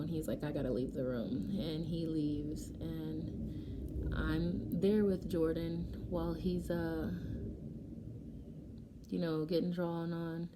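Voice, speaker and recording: A young adult woman vlogger casually telling a personal story while doing her makeup, animated and emotional, acting out what people said. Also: fairly low pitch, noisy background. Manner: emotional, animated retelling with quoted dialogue. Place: home, getting ready.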